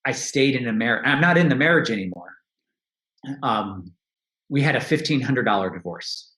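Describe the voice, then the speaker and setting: A man's voice: medium pitch, animated, normal speed, bright, forceful tone, roomy sound. A man speaking as a podcast guest, talking candidly and reflectively about his own life, often restarting and laughing. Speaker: podcast guest, money coach. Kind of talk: casual interview talk.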